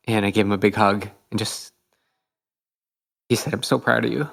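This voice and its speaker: Host type, middle-aged man, lowish voice, eager storyteller with a lot of "um"s. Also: steady tone, normal speed, creaky. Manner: enthusiastic, reflective, many fillers. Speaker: podcast host, triathlete. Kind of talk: casual storytelling chat.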